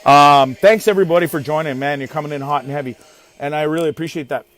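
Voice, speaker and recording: A man hosting a casual live stream, rambling excitedly and greeting viewers by name. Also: a little high, fast talker. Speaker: host of a live online show.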